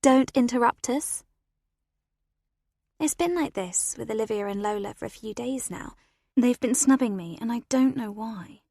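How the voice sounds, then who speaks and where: A woman narrating a first-person story as an audiobook reader, expressive and animated, on a close studio mic. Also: a little high, moderate pace, vocal fry, no echo.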